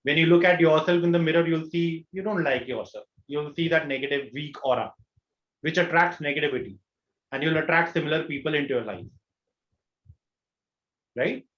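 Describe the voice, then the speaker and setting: A man's voice: fairly high pitch, normal speed, long pauses, fairly bright tone. Indian man coaching in a roomy webinar. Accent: Indian English. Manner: earnest, coaching, asks rhetorical questions. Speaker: law of attraction coach. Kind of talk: online workshop talk. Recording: roomy, dull lo-fi webinar audio.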